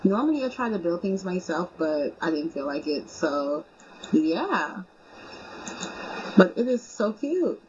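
A young woman casually commenting on her life-simulation game in an excitable, informal way. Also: lowish voice, unhurried. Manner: chatty, excitable, informal with fillers like y'all. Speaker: gaming video creator. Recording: slightly muffled with faint hum.

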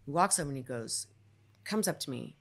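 A woman on a podcast telling a story about a film set, animated and acting out what people said. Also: very deep voice, a little fast. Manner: animated storyteller, acts out quotes. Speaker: podcast guest.

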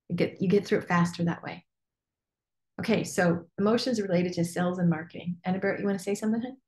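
A woman's voice: lowish voice, fast talker. Candid, laughing woman coach in an echoey room. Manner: candid and lively, laughs often, swears casually. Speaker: business coach hosting a group call. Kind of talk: casual coaching talk.

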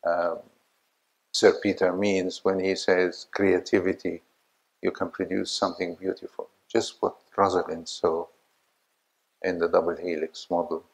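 Older male lecturer, very low voice, unhurried, halting delivery full of fillers, poses questions to the audience. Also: vocal fry, rough recording. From Egypt. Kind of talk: academic lecture.

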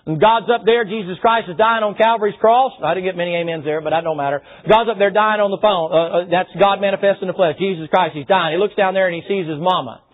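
A man preaching a sermon in a folksy, down-home way, firing off rhetorical questions. His voice sits high for a man. The sound is thin and tinny, like a phone line. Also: quick pace, hardly any pauses.

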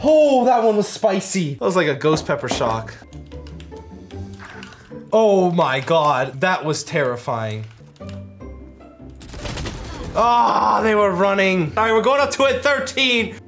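A young man commentating his own gameplay, loud and excitable, yelping and joking as he gets shocked. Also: sits high, normal speed, few pauses, faint music behind. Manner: loud, excitable, yelps and jokes under shocks. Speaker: gaming YouTuber.

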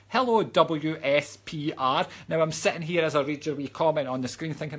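Husky Scottish man ranting in live chat. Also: on the high side, moderate pace, a bit bright. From Scotland. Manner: chatty, ranting and joking, drops into mock whispers. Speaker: psychic medium reading live chat comments. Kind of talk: casual live-stream chat.

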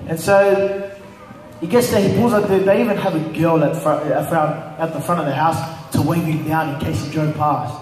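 A man's voice: on the high side, fairly even intonation, moderate pace, a little mellow. Man preaching in an echoey hall. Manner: conversational, many fillers, retells stories with quoted voices. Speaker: pastor. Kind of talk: church teaching. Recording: echoey hall, distant mic.

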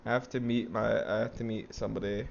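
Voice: mid-range voice, fairly even intonation, quick pace, gravelly, highs cut off, a loud crowd. A player recording a VRChat session, laughing a lot, swearing and joking sarcastically. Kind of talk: casual game chat.

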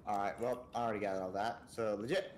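A man's voice: fairly low pitch, fairly even intonation, fast, a little mellow, a little hiss or hum. A man co-hosting a podcast while playing a video game, chatting casually in a joking, boastful and rambling way. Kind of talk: casual gaming chat.

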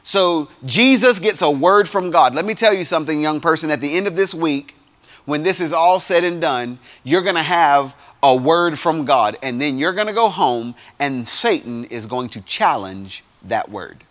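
A man with a fairly high voice preaches to a youth crowd. He keeps it lively, punching some lines loud and dropping others to near asides. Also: moderate pace. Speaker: youth pastor. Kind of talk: sermon.

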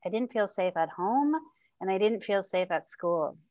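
A middle-aged woman being interviewed, her voice sitting at an ordinary pitch for a woman. She talks openly and warmly, with frequent small laughs, fillers and restarts. The recording is dry and close, with no room sound around her. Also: moderate pace, dry recording, highs cut off. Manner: open and heartfelt, laughs often, many fillers and restarts. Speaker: guest. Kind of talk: candid personal interview.

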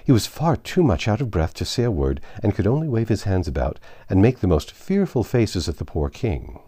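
A man narrating an audiobook reading of a classic tale in a lively, expressive storytelling manner. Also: fairly low pitch, normal speed, breathy edge.

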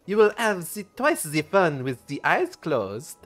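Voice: mid-range voice, big pitch swings, measured pace, a bit bright, faint music behind, pitched above the performer's own voice. A streamer voicing a flirty French woman attendant from a game, with a put-on French accent and a teasing, sing-song manner. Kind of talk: reading game dialogue aloud.

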